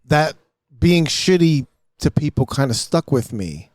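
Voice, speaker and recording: Higher-voiced young man swearing through stories. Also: very animated, measured pace, a little mellow, no room sound, studio quality. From New Jersey. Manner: profane, laughing storyteller. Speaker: podcast guest. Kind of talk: casual podcast chat. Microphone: studio mic.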